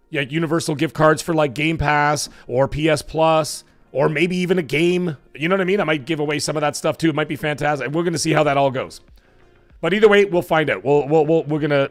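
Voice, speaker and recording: A man with a hoarse, cracking voice hosting a live stream, chatting casually and rambling with fillers as he thanks viewers. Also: on the high side. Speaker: livestream show host.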